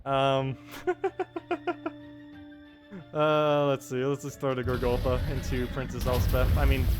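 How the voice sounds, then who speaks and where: A man streaming a game live, chatting casually and playfully, often breaking into laughter. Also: mid-range voice. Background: game music.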